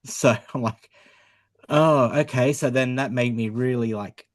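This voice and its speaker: A man's voice: mid-range voice, fairly even intonation, moderate pace, a little mellow, no room sound. Easygoing man in a group chat. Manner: easygoing, laughs between sentences. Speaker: podcast co-host.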